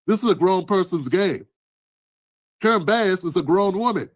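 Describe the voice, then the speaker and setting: High-voiced fired-up male commentator. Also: animated, normal speed, long pauses, dry recording, clean studio sound. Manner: emphatic, preachy, rising to shouts. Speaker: news commentary host. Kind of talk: heated political commentary.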